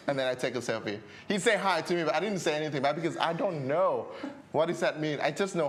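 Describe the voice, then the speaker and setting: A man's voice: a little high, moderate pace, a little hiss or hum. Thai-accented man telling stories with laughs. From Thailand. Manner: animated storytelling with acted-out quotes and frequent laughs. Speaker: podcast guest. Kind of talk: casual interview chat.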